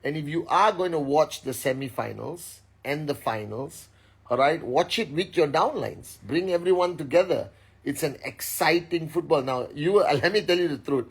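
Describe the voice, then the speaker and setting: A man's voice: on the high side, normal speed, breathy edge. A man in his thirties hosting a casual livestream, energetically calling out viewers' names and greeting them in many languages.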